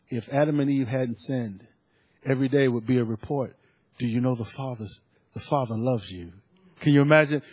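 Husky-voiced preacher with dramatic swings. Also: male voice, fairly high pitch, no room sound. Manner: dramatic, swings from soft to loud, repeats phrases for emphasis; preaching with call-and-response phrasing. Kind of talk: sermon.

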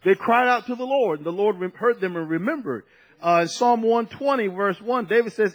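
A man's voice: high-pitched, a little fast, poor audio. A man preaching a sermon, conversational and at times emphatic, drawing out key phrases.

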